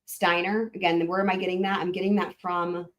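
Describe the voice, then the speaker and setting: A woman with a lowish, level voice speaks a little fast as she hosts a live stream, working through maps in casual, rambling commentary. She swears often, thinks aloud with lots of "like," and keeps restarting.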